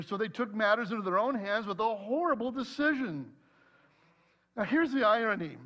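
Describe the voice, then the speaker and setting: A man preaching a sermon, telling a personal story in an animated way and acting out his own worried thoughts aloud. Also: sits high. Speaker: pastor.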